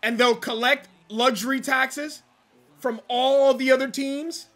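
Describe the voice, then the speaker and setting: A young man commenting on his own baseball video game, rambling and frustrated, venting with sudden loud outbursts. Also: very high voice, steady tone, slow pace, faint music behind. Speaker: gaming YouTuber. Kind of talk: casual gameplay commentary.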